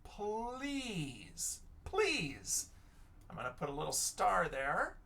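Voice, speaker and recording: Male teacher, young adult, recorded kids' reading lesson; unhurried, sounds words out letter by letter. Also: on the high side, huge pitch swings, gravelly, sharp tone.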